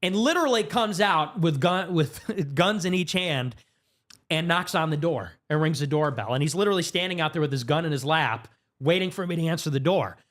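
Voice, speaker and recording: A man appearing as a guest on a podcast recounts a story at a fast clip, with lively delivery and abrupt leaps in pitch. The setting is a studio, the conversation a relaxed storytelling interview.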